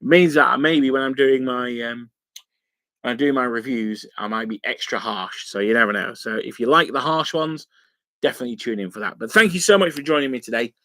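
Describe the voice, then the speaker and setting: A man talks through a casual live stream in a loose, rambling way, with lots of fillers. His voice has a gravelly, creaky edge. The sound is dry and close, with no room echo. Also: medium pitch, brisk, a bit bright. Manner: rambling and chatty, many fillers. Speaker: wargaming channel host. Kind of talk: casual live-stream chat while painting miniatures.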